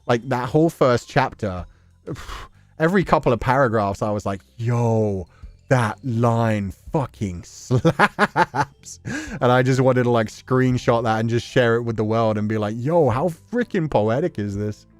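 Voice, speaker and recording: Lively, chatty male streamer. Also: medium pitch, moderate pace, no echo, soft background music. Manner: loose and chatty, many fillers, laughs often. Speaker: livestream host. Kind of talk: casual livestream chat reading viewer messages.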